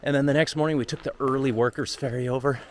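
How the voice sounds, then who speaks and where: A man's voice: medium pitch, steady tone, fast talker, slight background noise. A man vlogging outdoors while on a long walk, talking candidly and emotionally in a rambling way into a handheld phone. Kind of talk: casual travel vlog talk. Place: outdoors on a walking trail.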